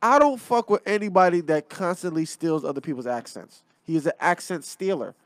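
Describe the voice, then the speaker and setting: A man's voice: fairly high pitch, animated, a little fast, no room sound. A man co-hosting a podcast in casual, profane banter, talking emphatically and getting worked up. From Haitian heritage, raised in Miami. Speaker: podcast co-host. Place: podcast studio.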